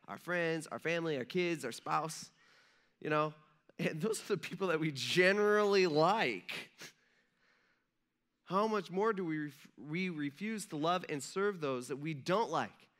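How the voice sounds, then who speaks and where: Bright-voiced pastor preaching casually. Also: male voice, fairly high pitch. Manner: conversational, acts out dialogue voices. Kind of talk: casual sermon. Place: church sanctuary.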